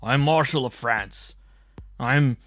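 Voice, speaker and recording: A man's voice: medium pitch, normal speed, fairly bright tone, faint music behind, lightly acted. A man voicing an arrogant, volatile medieval marshal who blusters and demands. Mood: defiant. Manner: blustering, imperious.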